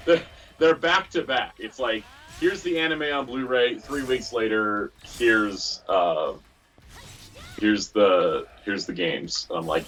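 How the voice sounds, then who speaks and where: A man on a game stream chatting casually, rambling excitedly like a fan with quick asides. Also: on the low side. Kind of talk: casual chat. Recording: distant mic with music playing.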